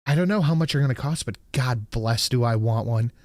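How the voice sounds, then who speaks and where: A man's voice: mid-range voice, a little fast, darkish tone, dry recording, clean studio sound. A man hosting a live stream, reacting to clips in a casual, sarcastic way and swearing freely.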